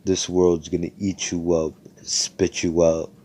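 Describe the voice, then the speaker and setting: A young man voicing a brash young male fighter who talks in a cocky, offhand and threatening way, in a low voice. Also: flat delivery, measured pace, warm tone. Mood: menacing.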